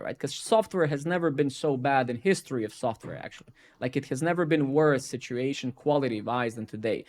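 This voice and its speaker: A man of ordinary pitch chats on a live coding stream. He rants with plenty of swearing and constant "right?" and "man". Between rants he mutters softly to himself as he fixes his code. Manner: profane, ranting, keeps tagging "right?" and "man"; drops into quiet muttering while debugging. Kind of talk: casual live-stream rant while coding.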